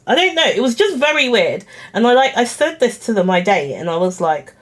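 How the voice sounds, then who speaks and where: A young woman chatting straight to camera as she recounts a story, her voice sitting in a middle pitch range. She talks casually and rambles, often giggling and sounding a little self-conscious. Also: big pitch swings, a little fast, hardly any pauses. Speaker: vlogger.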